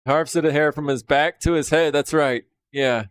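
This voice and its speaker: A man in his thirties chatting casually on a live stream, relaxed and rambling as he talks with viewers while working. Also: fairly high pitch, moderate pace, smooth. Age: 30s.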